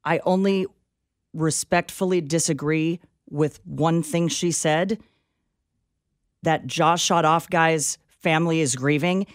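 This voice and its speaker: A woman's voice: low-pitched, slow pace, no echo, clean studio sound. A woman co-hosting a talk radio show, angry and emphatic as she speaks with passion. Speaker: radio co-host. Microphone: studio microphone.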